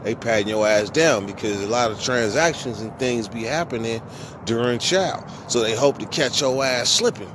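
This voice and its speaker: A man casually telling a long story from his own past, with profane, slangy speech and animated quoted dialogue. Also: medium pitch, moderate pace, background noise. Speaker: vlogger.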